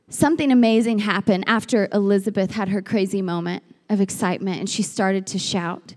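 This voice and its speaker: A woman preaching a sermon in a church, lively and animated, often breaking into shouts and acted-out quotes. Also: mid-range voice, normal speed, hardly any pauses. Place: church sanctuary. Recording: long hall reverb.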